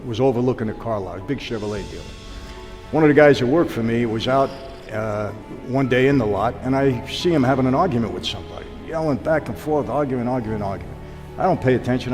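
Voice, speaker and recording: A man, a guest telling long stories and acting out the dialogue of the people in them. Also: medium pitch. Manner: animated storyteller acting out quoted dialogue. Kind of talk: storytelling interview. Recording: long hall reverb with background music.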